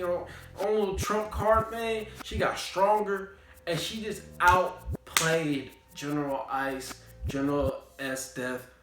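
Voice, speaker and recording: A young man recapping an anime in a casual, slangy, animated way, repeating catchphrases. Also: a little high. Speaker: anime reviewer. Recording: roomy room, faint background music.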